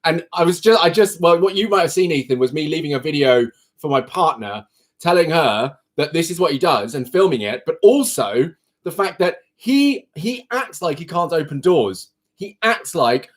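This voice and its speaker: A man's voice: fairly high pitch, very animated, moderate pace. A British man hosting a casual live stream from his computer at home, chatting in a rambling, self-deprecating way. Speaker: livestream host. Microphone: computer mic.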